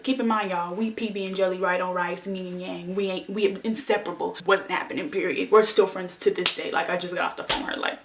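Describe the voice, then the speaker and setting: Woman, lively storyteller, talks to her viewers, echoey room, faint noise. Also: on the low side, fast talker, hardly any pauses. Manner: lively, expressive, addresses viewers as y'all. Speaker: vlogger. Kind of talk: animated storytime monologue. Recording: roomy echo.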